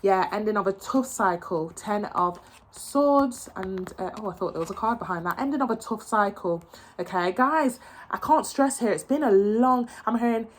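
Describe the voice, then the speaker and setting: A woman's voice: medium pitch, moderate pace. A young adult woman giving a casual tarot reading, talking in an emotional, encouraging way with frequent restarts and repeated phrases. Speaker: tarot reader.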